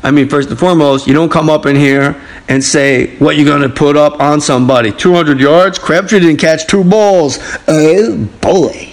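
A man's voice: a little high, fairly even intonation, moderate pace, rough recording. A man hosting a comedy podcast, profane and wisecracking, ranting about sports and reading listener mail. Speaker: podcast host. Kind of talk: casual comedic sports rant.

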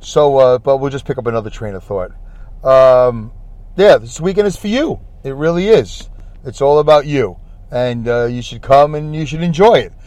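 A man's voice: mid-range voice, moderate pace, a little mellow, no room sound. A man with a Brooklyn accent hosting a rambling solo podcast, chatty, repetitive and self-deprecating. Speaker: podcast host. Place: in a parked car.

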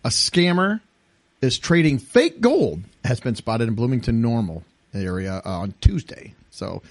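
Jokey, husky-voiced host. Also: male voice, mid-range voice, sing-song, measured pace. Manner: jokey, laughs easily, puts on silly pirate voices. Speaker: podcast host. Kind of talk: casual chat.

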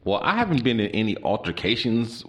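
A man's voice: fairly low pitch, sing-song, a little fast. A middle-aged man hosting a podcast in casual chat, joking and exclaiming. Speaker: podcast host.

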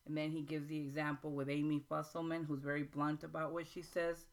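A woman hosting a writing workshop, explaining in an informal, halting way with frequent pauses and restarts, and reading passages aloud slowly. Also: low-pitched, level tone. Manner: reads excerpts aloud slowly. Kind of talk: informal teaching talk.

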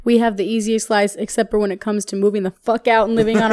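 A woman's voice: mid-range voice, little pitch movement, quick pace, a crowd in the background. A young woman co-hosting a podcast in casual chat, chatty, swearing freely and laughing often. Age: young adult. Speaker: podcast co-host.

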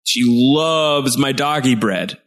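Man, podcast co-host, middle pitch, rambling casual chat, jokey, lots of fillers. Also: slow pace, a bit bright. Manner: rambling and jokey, many fillers, playful exaggerated quoted voices. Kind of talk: casual chat recapping a TV episode.

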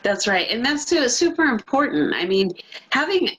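A woman's voice: on the high side, sing-song, fairly bright tone, highs cut off. A woman hosting an interview in a casual, enthusiastic way, often restarting her sentences. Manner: enthusiastic, rambling, halting restarts. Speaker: podcast host.

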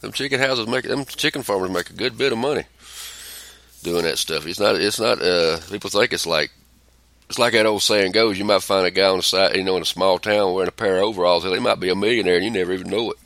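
A man's voice: low-pitched, fast talker, fairly bright tone, no echo. A middle-aged man, a podcast co-host telling rambling stories in blunt, profane casual chat.

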